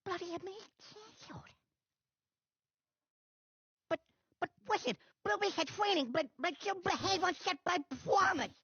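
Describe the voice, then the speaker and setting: A woman's voice: very high voice, animated, unhurried, gravelly, pauses often, fairly bright tone, dry recording, muffled recording, full character voice. A woman voicing a tiny male cartoon chef creature who stammers and pleads through tears. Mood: heartbroken.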